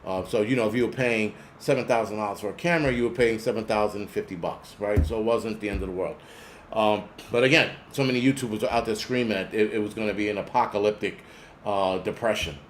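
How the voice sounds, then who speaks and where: A man's voice: lowish voice, fast, slight background noise. A man hosting a prepper channel, chatting casually on a live stream, rambling, swearing and reading out chat names. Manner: rambling, profane, reads chat names aloud.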